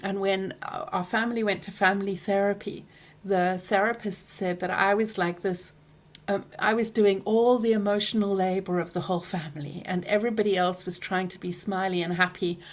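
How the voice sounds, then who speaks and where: A woman coaching viewers directly, speaking earnestly and gently, often trailing off softly at the ends of phrases. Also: medium pitch, fairly even intonation, moderate pace. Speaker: program coach.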